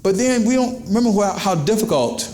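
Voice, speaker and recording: A man preaching a sermon as pastor, animated, swinging from low emphatic lines to high exclamations. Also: brisk, roomy sound.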